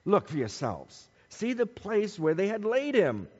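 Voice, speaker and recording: A man preaching a sermon, dramatic and emphatic, dropping to hushed tones at times. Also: high voice, huge pitch swings, unhurried, slightly rough. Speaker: pastor. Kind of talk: Easter sermon. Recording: dull sound with long hall reverb.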